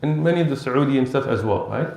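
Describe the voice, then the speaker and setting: A man giving an Islamic lecture, telling stories in an animated way and acting out bits of dialogue. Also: medium pitch, fast talker, creaky. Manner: animated storytelling with acted-out dialogue. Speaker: Islamic teacher. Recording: roomy echo.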